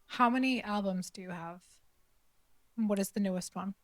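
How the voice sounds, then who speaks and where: A woman's voice: medium pitch, moderate pace, no echo. A woman hosting a podcast interview, chatty, playful and curious with her guest. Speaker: podcast host. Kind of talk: casual interview chat.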